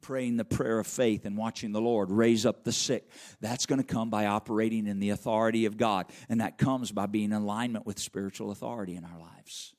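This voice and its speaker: A man's voice: on the low side, steady tone, brisk, hardly any pauses, a little mellow. A male pastor preaching a sermon, emphatic and repetitive, calling on listeners by name. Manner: emphatic, repeats phrases, calls on listeners by name.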